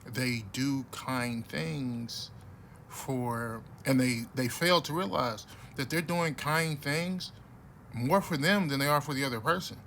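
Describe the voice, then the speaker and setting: A man talking bluntly and casually to camera in a rambling monologue, with many restarts, growing louder and heated at times. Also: medium pitch, takes it slowly, creaky, slight background noise. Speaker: vlogger.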